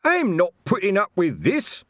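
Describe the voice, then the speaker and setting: A man voicing a blustering middle-aged male watch sergeant, shouting in outrage. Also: on the high side, sing-song, moderate pace, no room sound, studio quality, pitched above the performer's own voice. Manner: shouting, indignant and red-faced.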